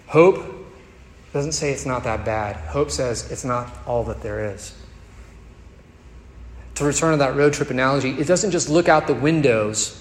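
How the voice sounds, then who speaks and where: A male pastor preaching a sermon, moving between soft tender passages and emphatic rising peaks. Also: medium pitch, moderate pace, slight background noise. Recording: echoey hall with faint ambience.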